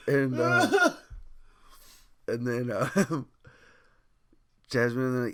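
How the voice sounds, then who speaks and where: A man's voice: medium pitch, very animated, a little slow, pauses often, fairly bright tone. A young man co-hosting a podcast, casually telling profane stories, acting out quotes and laughing often. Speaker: podcast co-host. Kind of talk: casual chat.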